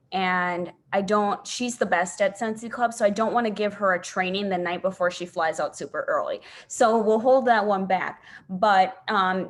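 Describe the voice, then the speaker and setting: Chatty woman hosting a video call. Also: on the low side. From Central Wisconsin. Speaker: host of a team training call. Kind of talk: casual chat on a live video call.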